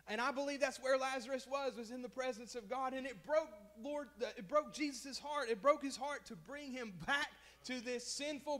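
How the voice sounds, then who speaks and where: High-voiced man preaching with fervor. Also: fairly bright tone. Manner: impassioned preaching with call-outs to the congregation; repeats phrases for emphasis. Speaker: pastor. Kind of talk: sermon.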